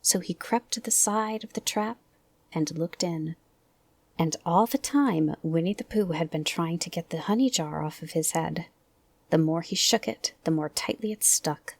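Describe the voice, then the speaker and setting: A woman reading a children's storybook aloud in a gentle, soft bedtime voice, often close to a whisper. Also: fairly low pitch, normal speed, creaky, no room sound. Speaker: audiobook reader.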